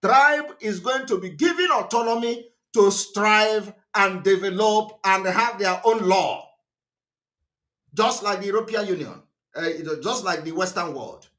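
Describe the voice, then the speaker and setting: A man's voice: high-pitched, a little slow, sharp tone. A middle-aged man with a Nigerian English accent giving a live broadcast address, emphatic and repetitive, firing rhetorical questions at his listeners. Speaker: political broadcaster.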